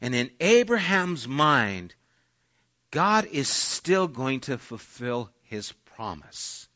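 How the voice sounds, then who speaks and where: Bright-voiced man preaching a sermon. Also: medium pitch, very animated, slow pace. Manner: conversational preaching, acting out quoted voices. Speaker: pastor. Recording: dull lo-fi sermon audio.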